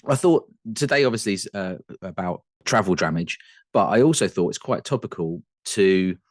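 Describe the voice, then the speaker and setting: A man in casual podcast chat about whisky, talking in a fairly low voice. He laughs often and trips over restarts as he goes. The sound is dry and close, with no room around it. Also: expressive, normal speed, no room sound. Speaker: podcast co-host.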